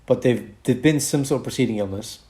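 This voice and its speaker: A man who is a doctor and podcast co-host, explaining a medical condition in a casual, lively chat. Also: mid-range voice, quick pace. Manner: explains medical topics, lively, slips into mock accents.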